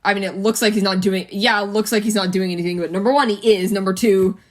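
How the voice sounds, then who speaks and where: A woman's voice: mid-range voice, fairly even intonation, quick pace. A teenage girl co-hosting a casual chat, rambling with many fillers and swear words. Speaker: podcast co-host.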